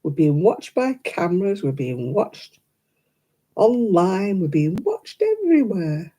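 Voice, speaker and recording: An older woman from Oldham, England, with a thick Oldham, Lancashire accent, hosts a crochet livestream from a table at home. She chats casually with viewers, opinionated and laughing often, in a fairly low, dark voice that's slow with big pitch swings.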